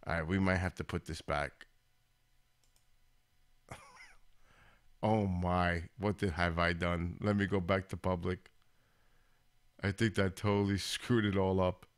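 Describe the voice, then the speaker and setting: A man's voice: low voice, fairly even intonation, takes it slowly, long pauses. A man hosting his own live stream, chatting casually and rambling as he talks straight to viewers in chat.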